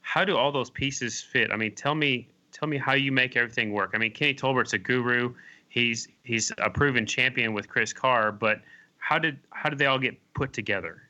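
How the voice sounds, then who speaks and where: A man's voice: medium pitch, moderate pace, pushed and bright, lo-fi sound. A man hosting a podcast, asking casual questions padded with "I mean" and "you know". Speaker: podcast host.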